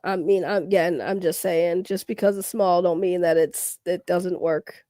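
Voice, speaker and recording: A woman hosting a casual podcast, ranting and teasing in an animated way. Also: lowish voice, normal speed, no room sound, clean studio sound. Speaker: podcast host. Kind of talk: casual rant chat.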